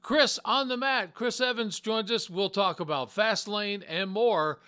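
A man's voice: high voice, measured pace, bright, forceful tone, clear, resonant tone. A man hosting a wrestling podcast, talking in a casual, joking way and stammering now and then. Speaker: podcast host. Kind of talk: casual chat.

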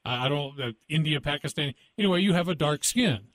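A man hosting a radio show with a slightly high voice. The sound is close and dry, with no room around it. He talks casually and jokes as he asks his guest questions. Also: expressive, brisk, fairly bright tone, dry recording. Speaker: radio host.

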